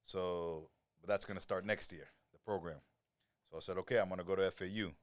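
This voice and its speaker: A man's voice: low voice, steady tone, a little fast, dry recording. A man in his forties, a podcast guest, tells his life story in blunt, profane street talk. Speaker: interview guest. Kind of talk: storytelling interview. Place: podcast studio.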